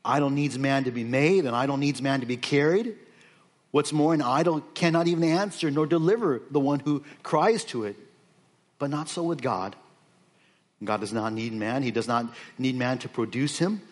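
A man's voice: mid-range voice, moderate pace. A man preaching on scripture, reading verses aloud and explaining them off the cuff with frequent fillers and restarts. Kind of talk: expository sermon.

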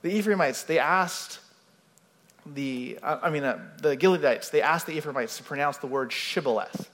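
A man's voice: on the high side, normal speed, a bit bright, big-room sound. A male pastor giving an expository sermon in a conversational way, often checking in with "right?".

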